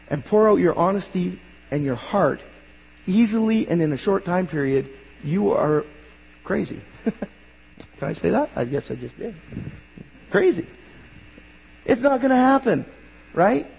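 Earnest gravelly male pastor preaching. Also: high-pitched. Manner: earnest, builds to emphatic bursts then drops quiet. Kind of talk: sermon. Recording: long hall reverb.

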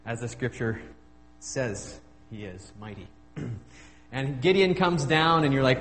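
A man, preaching as a guest pastor in an informal, halting style with self-deprecating humor. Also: medium pitch, long reverb tail, slight background noise. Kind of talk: sermon.

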